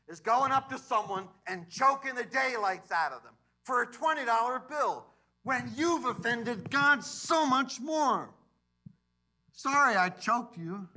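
A man preaching a sermon as pastor in a church, animated, swinging between loud emphasis and quiet asides. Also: very high voice. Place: church sanctuary.

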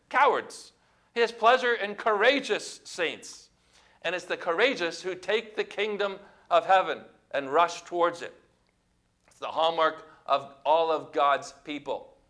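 Emphatic high-voiced male preacher. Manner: emphatic, rising to loud exclamations; asks the congregation to repeat words. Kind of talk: sermon.

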